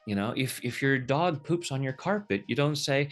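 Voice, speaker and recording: A man explaining a tapping technique in a relaxed, jokey way, slipping into quoted voices as he talks. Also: mid-range voice, moderate pace, soft background music. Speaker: tapping practitioner, guest. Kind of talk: casual teaching over video call.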